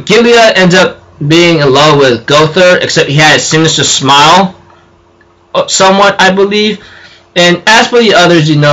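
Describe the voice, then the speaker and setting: A young man retelling a story in a loose, rambling way. His voice sits slightly high, and he fills gaps with fillers and restarts. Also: fairly bright tone, poor audio. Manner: rambling, with fillers and self-corrections. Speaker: anime recap vlogger. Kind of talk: casual episode recap.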